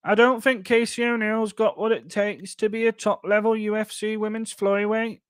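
A man's voice: high-pitched, fairly even intonation, moderate pace, clean tone, no echo, clean studio sound, pitched above the performer's own voice, lightly acted. A man doing a boyish naive fighter. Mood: earnest.

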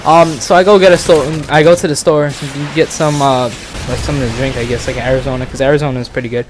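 A man's voice: mid-range voice, steady tone, quick pace, noisy background. A young man from the Bronx telling a story casually, rambling and profane, full of fillers and restarts. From the Bronx, New York. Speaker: vlogger, channel host.

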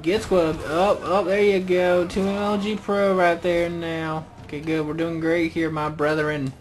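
A man giving goofy, excitable gameplay commentary as a let's play host, cracking self-mocking jokes and cheering on the action. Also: fairly high pitch, normal speed, slight background noise.

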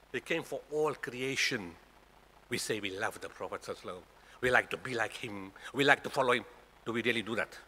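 A man's voice: mid-range voice, fast, sharp tone, husky. South african guy in his 60s preaching in a mosque, keeps throwing questions at the crowd, long echo off the hall. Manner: emphatic, fires rhetorical questions at the congregation. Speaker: guest speaker at a mosque. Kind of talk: Friday sermon talk. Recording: echoey hall reverb.

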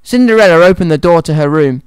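Male children's radio presenter, reading a storybook, cheerful, smooth clear voice, dry studio mic. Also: fairly high pitch, animated, quick pace, no echo. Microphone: studio microphone.

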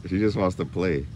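A young man vlogging casually around his farm and new house, chatting, laughing often and using high baby talk with the animals. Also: a little hiss or hum. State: soaked from rain. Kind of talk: casual vlog narration. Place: outdoors on a farm, and a house under construction.

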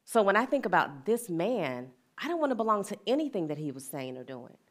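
A woman's voice: mid-range voice, sing-song, fairly quick. A middle-aged woman speaking as a wellness and equity speaker, earnest and plain-spoken, sharing a personal story in a reflective talk and laughing easily.

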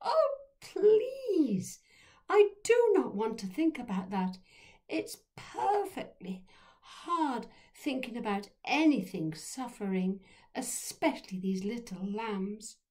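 A woman voicing a fussy, fashionable aunt with an affected posh voice, gushing and high. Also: sing-song, slow pace, mellow.

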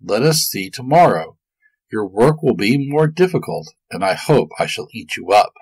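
A gloating old witch woman, greedy and menacing, put on by a male storyteller. Her low voice has a husky edge and bends up and down with sly threats. It is recorded dry and close. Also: sing-song, moderate pace, a little mellow, dry recording, heavily acted.

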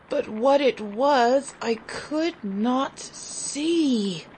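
A woman reading a literary short story aloud in an expressive, dramatic storytelling manner. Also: mid-range voice, a little hiss or hum, poor audio. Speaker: story reader.

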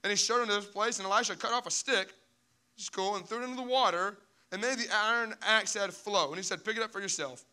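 A young man preaching a sermon as pastor, animated and storytelling, putting on squeaky panicked voices for the people in his stories. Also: quick pace, smooth.

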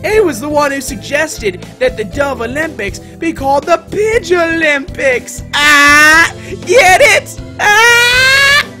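Guy doing a fake french accent pigeon, slow and showy, lively pitch. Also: music in the background, heavily acted. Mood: coaxing. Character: fussy pigeon man with a failed French accent.

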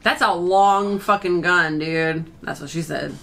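With a film soundtrack playing behind her, a woman co-hosting a movie reaction channel exclaims, laughs, and swears as she watches, giving excited commentary. Her voice is lowish, unhurried, and fairly bright, with vocal fry.

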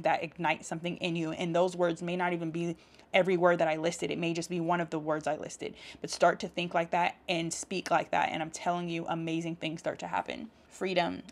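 A woman with a somewhat low voice talks casually through uplifting affirmations. She laughs easily and keeps an encouraging, chatty tone. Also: vocal fry. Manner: warm encouraging, laughs often, speaks affirmations aloud. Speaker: self-help vlogger.

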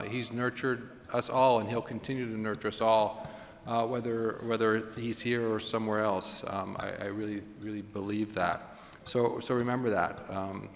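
A man from the United States speaking on a panel, earnest and halting, with many restarts. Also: fairly low pitch, a little hiss or hum. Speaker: panelist chef. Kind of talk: panel discussion on stage. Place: large auditorium. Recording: long hall reverb.

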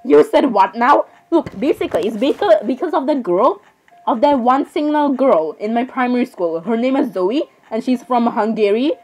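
A woman's voice: on the high side, lively intonation, normal speed, darkish tone, soft background music, poor audio. A teenage girl chatting casually on her vlog, rambling and dramatic, full of restarts and repeated apologies. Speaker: vlogger.

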